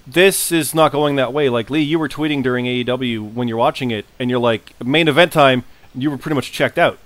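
A man's voice: medium pitch, no echo. A man co-hosting a casual podcast, talking at length and jumping in often. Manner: talkative, quick to jump in. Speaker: podcast co-host. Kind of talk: casual chat.

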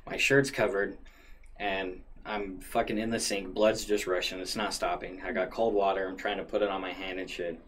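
A man casually retelling a story in a profane, animated way. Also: low-pitched, moderate pace, a little hiss or hum. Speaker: storyteller guest.

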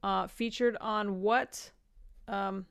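A woman's voice: mid-range voice, fairly even intonation, slow pace, creaky. A woman hosting a podcast, running a quiz game in a bubbly, self-deprecating way. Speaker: podcast host.

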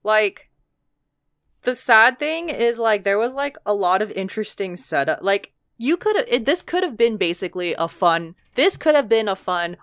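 A woman's voice: mid-range voice, big pitch swings, normal speed, a bit bright, clear, resonant tone, no room sound, studio quality. A woman chatting casually on a podcast, blunt and swearing often, with plenty of fillers.

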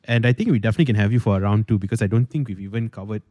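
A man hosting a casual interview podcast, relaxed and easygoing. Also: lowish voice, racing, dry recording, muffled recording. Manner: relaxed, brief backchannels, easygoing. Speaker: podcast host.

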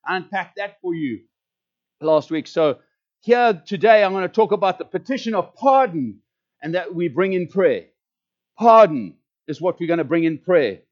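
A man's voice: high voice, lively intonation, moderate pace. South African male pastor, emphatic preacher who repeats words, muffled lo-fi recording. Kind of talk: sermon. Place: church service. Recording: dull lo-fi recording.

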